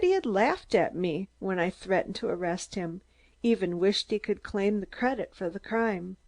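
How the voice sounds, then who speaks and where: A woman reading a detective novel aloud as an audiobook narrator, in a measured storytelling manner. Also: on the low side, darkish tone. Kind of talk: scripted narration.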